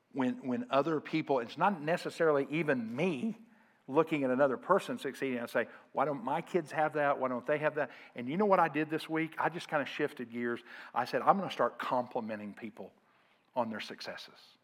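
A male pastor preaching a sermon to his congregation, calling on them to answer aloud and swinging from loud emphasis to quiet asides. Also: medium pitch.

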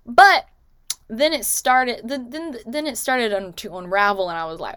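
A woman's voice: on the high side, a bit bright, smooth, no echo, studio quality. A woman in a casual movie recap vlog, talking chattily with many "like" and "you know" asides. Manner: acts out characters' lines in quick quotes. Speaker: movie recommendation vlogger.

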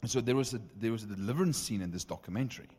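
A young man preaching a testimony sermon, telling stories with lively acted-out dialogue. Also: fairly low pitch, rapid-fire, breathy edge. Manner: animated, acts out dialogue in stories. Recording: long reverb of a hall.

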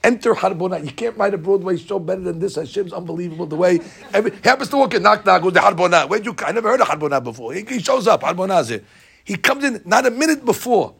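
A man giving a lively, jokey storytelling lesson as a religious teacher. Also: high voice, quick pace, gravelly, breathy edge. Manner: lively, jokey, acts out scenes.

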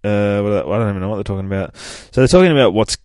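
A man's voice: fairly low pitch, quick pace, a little mellow, clean tone, no echo. A man hosting a comic podcast, recapping an issue in a rambling, profane, casual way. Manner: profane, rambling, swears constantly.

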